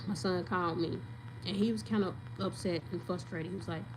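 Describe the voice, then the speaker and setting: A woman's voice: lowish voice, fairly even intonation, brisk. A woman, telling her story in an emphatic, venting, casual way straight to viewers, with faint noise behind her.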